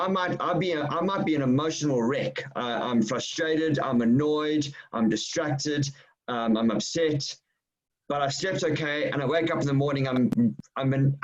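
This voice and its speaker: A man's voice: mid-range voice, normal speed. A middle-aged Australian man speaking earnestly on a webinar panel, often repeating his words. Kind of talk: casual discussion. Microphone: video call. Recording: muffled lo-fi video call audio.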